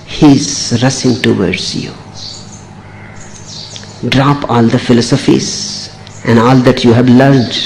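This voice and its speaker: A man delivers a spiritual discourse at an unhurried pace, each short phrase landing with weight. His pitch sits in an ordinary middle range. A faint hiss runs behind the old recording. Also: a little mellow, rough recording. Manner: slow, deliberate, emphatic short phrases. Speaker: spiritual teacher.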